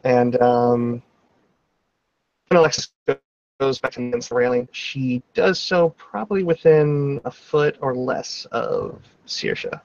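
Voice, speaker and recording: A man's voice: mid-range voice, big pitch swings, takes it slowly, gravelly, a little mellow, dry recording, highs cut off. A man playing a tabletop role-playing game, describing his character's actions in a casual, rambling way with frequent swearing. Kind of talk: tabletop role-play narration.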